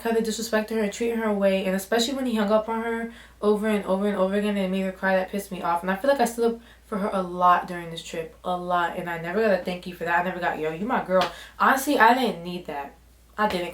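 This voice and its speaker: A woman's voice: mid-range voice, reverberant. A young woman vlogger telling a story in casual slang, acting out what people said. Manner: animated, slangy, acts out quotes in voices. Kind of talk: storytime vlog.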